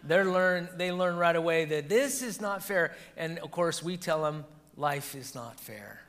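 Pastor, male, slightly high bright voice, lively storyteller. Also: a little slow. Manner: animated storytelling, laughs at his own anecdotes. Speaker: pastor leading a Bible study. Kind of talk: teaching and discussion.

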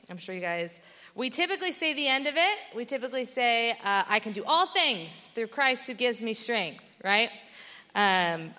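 Chatty, self-correcting woman preacher with a bright voice, recorded in a reverberant church hall. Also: mid-range voice. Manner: chatty, self-interrupting, laughs often. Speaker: pastor. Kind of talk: casual sermon.

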